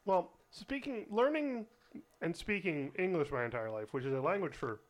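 Man, co-host, casual podcast chat, slightly high voice, easygoing. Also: lively intonation, moderate pace. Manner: easygoing, laughs a lot, trailing sentences.

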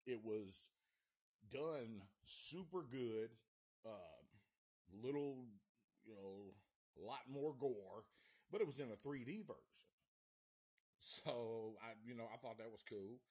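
A man's voice: medium pitch, takes it slowly, pauses often, darkish tone, husky. A man giving a rambling, heavily profane review of an old horror film. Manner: profane, rambling, restarts often. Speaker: movie reviewer.

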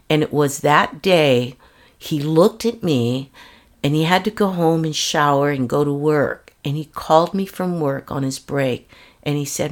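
Her voice deep, an older woman shares her life story in an interview; she speaks earnestly, hesitates, and keeps restarting sentences.

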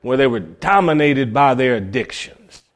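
A man from Cleveland, Ohio, preaching a sermon with folksy stories, swinging between loud cries and low murmurs. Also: animated, moderate pace. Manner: folksy storytelling.

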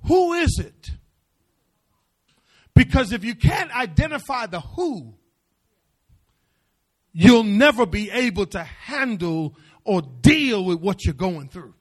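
A middle-aged male pastor preaching a sermon, repeating phrases and swinging from hushed asides to shouted declarations. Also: high voice, very animated, slow pace, long pauses.

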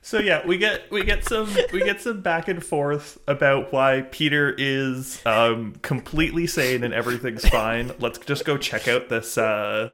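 A man's voice: mid-range voice, unhurried, few pauses, bright, forceful tone, slight background noise. Young male game master, casual, hesitant, keeps it going with ums and uhs. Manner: rambling, many fillers, amused. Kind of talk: narrating a tabletop game.

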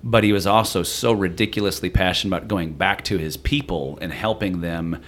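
A man in his forties talks as a podcast guest, his voice sitting fairly low. He tells stories in a loose, chatty way, often starting a sentence over before he finishes it. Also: brisk. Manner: chatty, animated storytelling with many restarts. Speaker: interview guest. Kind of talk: casual conversation.

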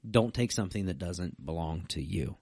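A middle-aged man, a pastor co-hosting a podcast, chatting casually and telling stories in a relaxed way. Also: low voice, normal speed, husky, dry recording, studio quality. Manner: storytelling, relaxed and conversational. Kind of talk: casual chat.

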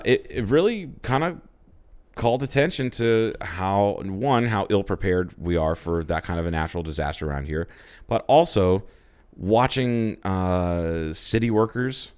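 A man's voice: sits low, animated, normal speed, darkish tone, smooth. A man from Ohio co-hosting a podcast, chatting casually in a rambling, profane way with lots of restarts. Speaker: podcast co-host. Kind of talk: casual chat.

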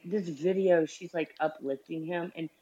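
A man's voice: on the high side, moderate pace, mellow, breathy edge. A man rambling hesitantly in a casual group chat. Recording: dull lo-fi remote audio.

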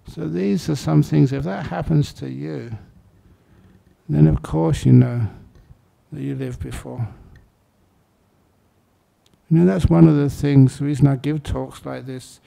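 A male meditation teacher gives a dharma talk in a heavily gravelly, fry-laden voice. His tone is dark and mellow, with no edge at all. He tells his stories in an easygoing, anecdotal way, as if chatting with the room. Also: on the high side, unhurried, long pauses. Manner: relaxed anecdotal storytelling.

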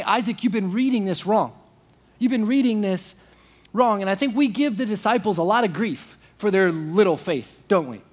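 A young man preaching a sermon in a conversational way, full of fillers and restarts, acting out quoted voices. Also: high-pitched. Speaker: pastor.

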